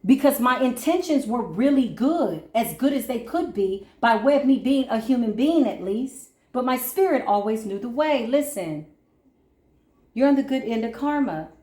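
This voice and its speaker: A woman doing a spiritual card reading who talks like a preacher one moment and drops into quiet asides the next, calling her listeners baby and boo. Her voice sits a little high. The room around her is audibly echoey. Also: animated, moderate pace. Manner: emphatic, colloquial, calls listeners baby and boo; swings between preachy intensity and quiet asides. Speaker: spiritual reader. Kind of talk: casual spiritual pep talk during a card reading.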